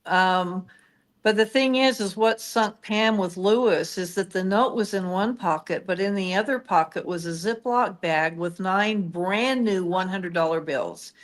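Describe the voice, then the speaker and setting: A woman co-hosts a true-crime podcast, retelling the case through steady, detailed storytelling. Her voice is mid-range and her pace a little slow.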